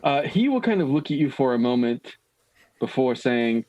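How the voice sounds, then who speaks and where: A man narrating a tabletop game as game master, giving lively scene descriptions. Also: a little high, fairly quick, highs cut off.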